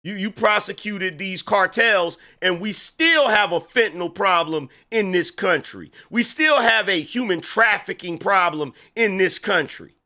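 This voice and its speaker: A man's voice: high-pitched, expressive, measured pace, few pauses, pushed and bright. A middle-aged man giving sarcastic, indignant commentary while reacting to an interview clip. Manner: sarcastic, indignant, mocking asides. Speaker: political commentator.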